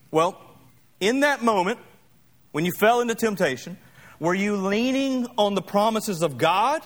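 A pastor preaching a sermon with emphatic repetition and light humorous asides. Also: male voice, high-pitched.

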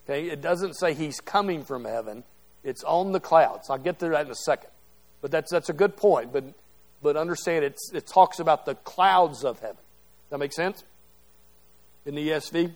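A man's voice: a little high, moderate pace. A middle-aged man teaching a Bible class to a group, talking conversationally and checking in with "okay?" as he goes. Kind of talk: interactive Bible class lecture. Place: classroom or church hall with a group.

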